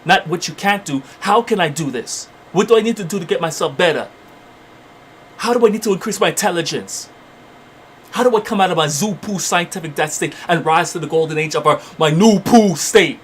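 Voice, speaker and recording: High-voiced man preaching fiery motivation. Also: brisk, fairly bright tone, slight background noise. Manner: fiery, exhorting, repetitive. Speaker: channel host.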